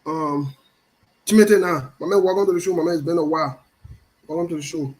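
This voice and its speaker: A man's voice: a little high, fairly even intonation, brisk, darkish tone, rough recording. A middle-aged man hosts a casual live stream, greeting viewers by name in a playful, teasing way and repeating his phrases. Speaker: show host.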